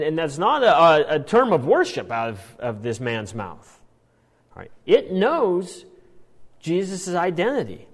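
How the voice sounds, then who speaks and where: A man teaching a Bible passage in an animated sermon style, often restarting his phrases. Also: fairly high pitch, in a large hall. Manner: animated, acts out quoted lines, frequent restarts. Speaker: preacher.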